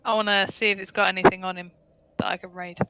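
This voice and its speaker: A woman's voice: mid-range voice, little pitch movement, quick pace, very noisy. A woman chatting casually as a player in a tabletop game, matter-of-fact.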